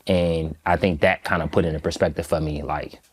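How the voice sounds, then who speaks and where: A man from Michigan, a guest in an interview, recounting a personal story in a slow, halting, reflective way with many pauses. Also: very deep voice, steady tone, husky. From Michigan, USA.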